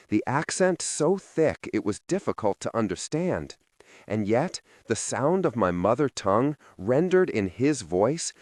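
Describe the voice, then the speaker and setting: A man narrating a fantasy novel in the first person, in a soft, measured and emotive way. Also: medium pitch, no echo, clean studio sound. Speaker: audiobook narrator.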